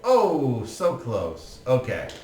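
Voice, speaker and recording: A man's voice: mid-range voice, wildly swooping pitch, drawn-out words, darkish tone, distant mic. A man running a tabletop game as game master, narrating playfully and laughing often. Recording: echoey room, faint music.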